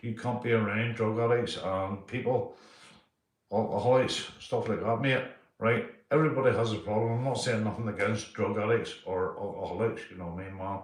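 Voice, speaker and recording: A man's voice: fairly low pitch, fairly even intonation, fairly quick, reverberant. A man chatting loosely on a live stream, reading out viewers' names and swearing a lot. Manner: sweary, loose, keeps saying mate. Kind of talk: casual live-stream chat.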